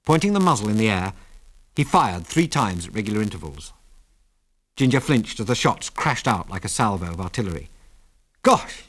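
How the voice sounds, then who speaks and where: A man narrating an adventure story in a measured, dramatic reading. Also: lowish voice, big pitch swings.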